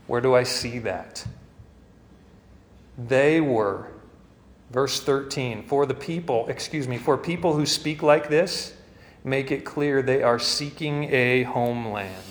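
A man's voice: medium pitch, slow, in a large hall. A man preaching a sermon as pastor, earnest and rising to fervent emphasis.

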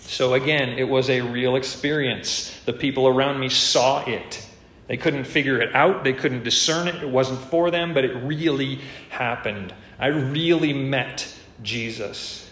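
Man, preacher, earnest verse-by-verse sermon, emphatic, mid-pitched voice, echoey room. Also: a little slow, fairly bright tone. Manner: earnest, emphatic, rises in pitch on key points. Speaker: preacher and teacher. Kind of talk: expository sermon. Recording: roomy echo.

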